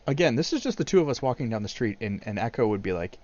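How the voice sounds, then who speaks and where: Deadpan man on a muffled mic. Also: mid-range voice, fast talker. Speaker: player. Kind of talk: in-character tabletop play.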